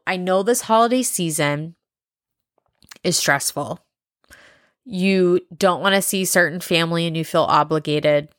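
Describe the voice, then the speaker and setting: A woman hosting a casual solo podcast, talking bluntly with lots of swearing and rambling asides while high. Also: a little slow, a bit bright, no room sound, clean studio sound. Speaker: podcast host.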